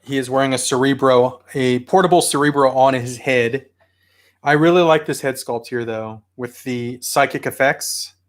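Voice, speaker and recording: A man casually showing off his new toy haul at home, chatty and excitable. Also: medium pitch, normal speed. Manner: chatty, excitable, yells at his barking dog. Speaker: toy collector vlogger.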